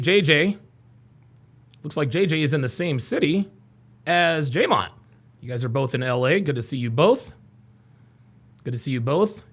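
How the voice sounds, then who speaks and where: A man hosting a casual livestream, reading out viewers' names and places with upbeat shout-outs and dropping into low mumbled asides. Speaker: livestream host.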